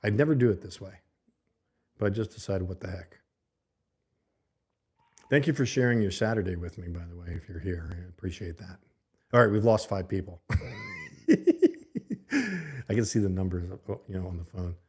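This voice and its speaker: Guy rambling on his livestream, lowish voice, right up on the mic, chatty with chat. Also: moderate pace, pauses often, darkish tone, breathy edge. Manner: rambling, chatty, reads viewer comments aloud. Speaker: livestream host. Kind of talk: casual livestream chat with viewers. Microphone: desk mic held close to the mouth.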